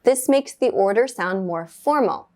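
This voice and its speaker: A woman teaching beginner English grammar from a script. She speaks clearly and at a measured rate, and her voice lifts brightly whenever she praises the learner. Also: medium pitch, animated, a little hiss or hum.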